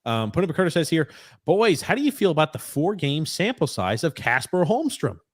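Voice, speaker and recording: A man's voice: fairly high pitch, big pitch swings, moderate pace, dry recording, clean studio sound. A man hosting a podcast, reading out listener comments and chatting casually about hockey with loose swearing. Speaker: podcast host. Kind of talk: casual sports chat.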